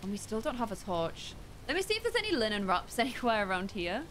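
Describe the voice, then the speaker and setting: Hoarse, excitable woman game streamer. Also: mid-range voice, quick pace, slight background noise. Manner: chatty, excitable, talks to herself while playing. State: losing her voice, hoarse. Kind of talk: casual gameplay chat with viewers.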